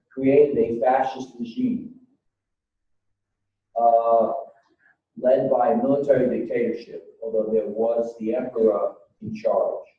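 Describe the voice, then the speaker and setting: A man's voice: mid-range voice, a little hiss or hum. A man giving a university history lecture, telling events as a story and acting out what people said. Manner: storytelling, retells exchanges as dialogue. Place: lecture hall. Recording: echoey lecture hall, mic far off, dull.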